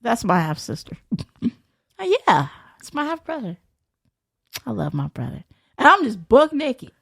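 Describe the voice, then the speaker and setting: A young woman as a podcast guest, telling a story in casual, profane, animated fashion and acting out the voices of others. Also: fairly high pitch, a little slow, gravelly, slightly rough, no room sound, studio quality.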